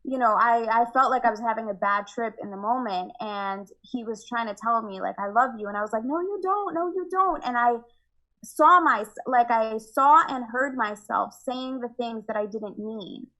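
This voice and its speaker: A young woman with a fairly high voice talks frankly in a relaxed podcast chat. She laughs often and slips into little acted-out versions of her own past words. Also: moderate pace, few pauses, low-quality recording. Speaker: podcast guest. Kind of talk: casual conversation.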